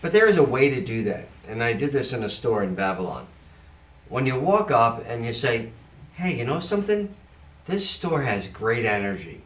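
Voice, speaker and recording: Man, lively storyteller. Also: medium pitch, moderate pace. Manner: animated, acts out the voices in his stories. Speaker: host and psychic medium. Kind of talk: casual storytelling on a talk show. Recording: echoey room, far from the mic, faint noise.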